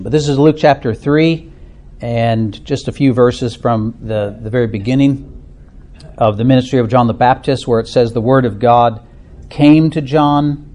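A middle-aged man with an Upper Midwest American accent talks to a small group in a meeting room. His voice sits at an ordinary mid pitch, and his manner is casual and self-deprecating, with plenty of ums and uhs. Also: dark tone. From Minnesota. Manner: chatty and self-deprecating, many fillers. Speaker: church discussion leader. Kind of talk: informal talk to a small group.

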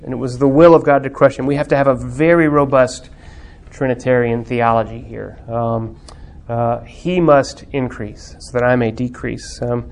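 A man's voice: mid-range voice, fairly even intonation, moderate pace, few pauses. Guy teaching a bible class, thoughtful, lots of ums, gets fervent. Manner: reflective, with many fillers, rises to fervent emphasis. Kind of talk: lecture on theology and religious art.

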